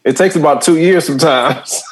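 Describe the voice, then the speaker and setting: A man, a stand-up comedian, chatting as a guest and telling stories with frequent laughter and acted-out quotes. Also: on the high side. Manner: animated storytelling, frequent laughter, acts out quotes. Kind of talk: casual podcast chat.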